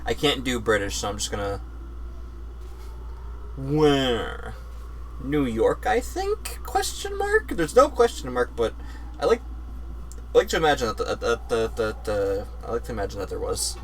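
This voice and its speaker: A man's voice: mid-range voice, wildly swooping pitch, normal speed, slight background noise. A young man streaming a game live, rambling, repeating himself and swearing as he plays.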